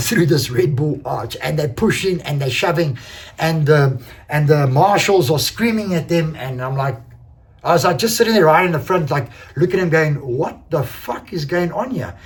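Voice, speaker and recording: A man, an enduro racer casually recounting a race, animated, swearing freely and acting out quoted exchanges. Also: fairly high pitch, unhurried. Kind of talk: casual race recap storytelling.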